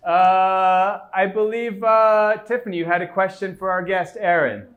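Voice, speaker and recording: High voiced guy hosting an improv talk show, kinda apologetic. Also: unhurried, narrow, tinny audio. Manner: apologetic, hesitant, playing interviewer. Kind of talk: improv comedy.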